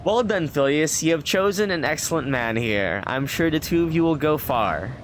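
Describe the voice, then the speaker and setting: A man's voice: fairly high pitch, animated, moderate pace, slight background noise, pitched above the performer's own voice, natural voice. A man doing a jovial old professor. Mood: cheerful. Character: jovial older male professor, cheerful.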